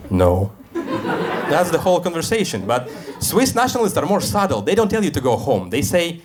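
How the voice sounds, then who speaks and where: A man doing a stand-up set in a comedy club, deadpan and self-deprecating, acting out the voices he quotes. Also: fairly high pitch, brisk, a little hiss or hum. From Russia. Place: comedy club stage with a live audience. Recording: live club recording with crowd laughter. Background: audience laughter.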